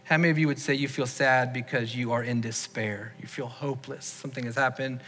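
Bright-voiced pastor preaching in a reverberant hall. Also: male voice, mid-range voice, fairly even intonation, brisk, a little hiss or hum. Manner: earnest, leads the congregation in raised-hand questions. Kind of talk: sermon. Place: church sanctuary.

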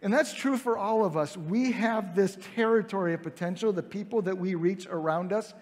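A man's voice: high-pitched, normal speed, darkish tone. A man preaching a conversational sermon, retelling a Bible story and acting out its people in quoted voices. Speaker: pastor. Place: large hall with heavy reverb. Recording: reverberant hall sound.

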